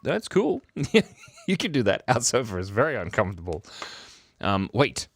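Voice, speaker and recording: A middle-aged man with an Australian accent chatting casually with viewers of his livestream at home, speaking quietly and laughing often. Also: lowish voice, huge pitch swings, normal speed, breathy edge, dry recording. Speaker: livestream host. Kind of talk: casual chat reading viewer comments. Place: home, early morning. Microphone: microphone worn near the beard.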